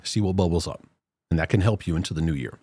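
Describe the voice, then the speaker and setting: A man's voice: sits low, quick pace, dark tone, husky, dry recording, clean studio sound. A man hosting a Christian mental health livestream, chatting casually and greeting viewers by name. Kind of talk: casual live-stream talk.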